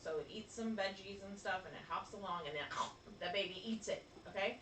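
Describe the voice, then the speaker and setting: A woman co-hosting a casual chat, animated and laughing often. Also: medium pitch, a little fast, roomy sound, distant mic, slight background noise. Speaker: podcast co-host.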